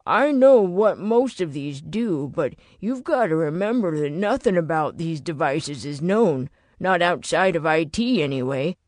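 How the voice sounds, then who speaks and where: A man's voice: a little high, lively intonation, a little slow, few pauses, no echo. A woman voicing a tired, fussy man who tinkers with radios, explaining himself in a dry, defensive way. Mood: weary.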